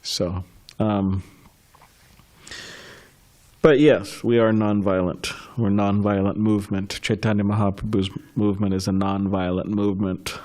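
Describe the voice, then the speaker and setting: A man's voice: on the low side, flat delivery, measured pace, a little mellow. A man leading a scripture class, telling stories in a chatty way with laughs and restarts, then taking questions. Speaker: class speaker.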